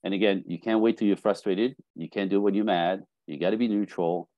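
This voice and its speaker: A middle-aged man, a dating coach, telling lively stories on a podcast and acting out bits of dialogue. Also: lowish voice, brisk, dry recording, dull audio. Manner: animated storytelling, acting out dialogue. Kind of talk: casual podcast conversation.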